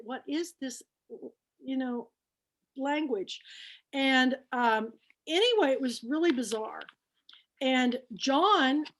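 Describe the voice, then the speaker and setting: A middle-aged woman hosting an online book club, telling anecdotes in an animated way and laughing often. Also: fairly high pitch. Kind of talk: casual storytelling on an online show.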